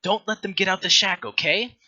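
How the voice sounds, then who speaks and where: A man's voice: high voice, fairly quick, sharp tone, muffled recording, pitched above the performer's own voice. A man voicing a strong, impatient female orc who scolds her captive. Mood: bossy. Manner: scolding, exasperated.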